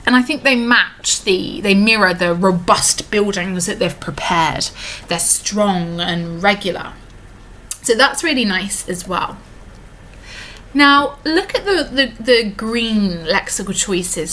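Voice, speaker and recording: A woman's voice: medium pitch, lively intonation, sharp tone, a little hiss or hum. Teacher woman explaining a poem. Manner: explains step by step, many fillers, reads lines slowly. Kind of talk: recorded lesson on a poem.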